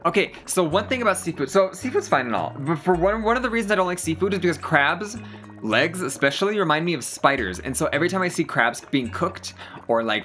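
A let's play gamer rambling through a personal story in animated, self-deprecating casual commentary. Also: medium pitch.

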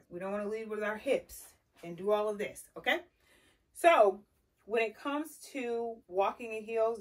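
A woman giving a casual, lively tutorial, chatty and sassy as she demonstrates while walking around a carpeted room. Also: medium pitch. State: slightly out of breath. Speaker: style vlogger teaching heel walking. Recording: voice from a distance.

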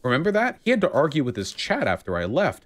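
A man giving heated livestream commentary, animated and mocking, with frequent fillers. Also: on the high side, fast. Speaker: streamer.

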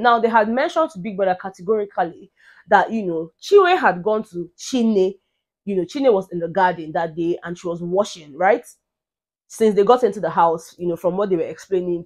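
A young Nigerian woman speaking English with Pidgin, animated as she recaps a reality show, dropping to hushed asides and then rising to loud exclaims. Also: medium pitch. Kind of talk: casual commentary.

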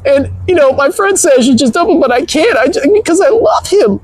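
A man putting on a falsetto voice to play a whiny, lovesick young Gen Z woman in a comedic live-stream sketch, with giggles and a whining delivery. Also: expressive, a little fast, a little mellow, no echo, rough recording.

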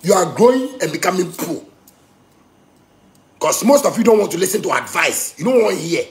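A Ghanaian man rants in Pidgin-tinged English. His voice sits a touch high for a man and has a gravelly rasp. He swings from loud outbursts to low, heated muttering. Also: very animated, brisk. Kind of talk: angry rant.

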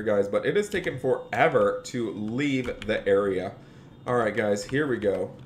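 A man's voice: medium pitch, pushed and bright, slight background noise. A young man streaming a role-play game, chatting upbeat and greeting viewers by name.

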